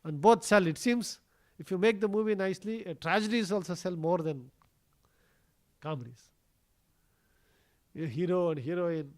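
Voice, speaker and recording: A man gives a scripture class at a temple. He tells the story conversationally, often pausing on a "you know" or an "uh". His voice rises and falls as the story builds. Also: sits high, darkish tone. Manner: storytelling, conversational with many fillers. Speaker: temple speaker. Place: temple hall.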